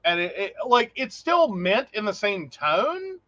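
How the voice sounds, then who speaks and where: A man's voice: high voice, unhurried, muffled recording. A man co-hosting a casual podcast chat, telling stories with lots of laughter and acted-out quotes. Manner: animated storyteller, acts out quotes, laughs often. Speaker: podcast co-host.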